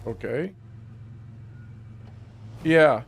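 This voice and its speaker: A man's voice: fairly high pitch, drawn-out words, creaky, slight background noise. A man streaming a truck driving game, chatting casually and grumbling profanely to himself. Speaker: gaming streamer.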